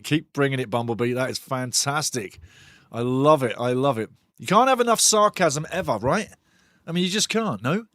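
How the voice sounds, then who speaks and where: A man hosting a live football watch-along, commenting on play with excitable, sweary banter aimed at his chat. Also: fairly high pitch, no room sound, studio quality.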